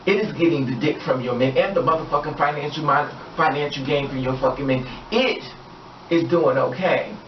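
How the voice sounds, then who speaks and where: A woman's voice: sits low, fairly quick, hardly any pauses, a little hiss or hum. A woman vlogger ranting in a heated, profane and emphatic way. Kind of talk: personal vlog rant. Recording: echoey, distant, dull-sounding room recording.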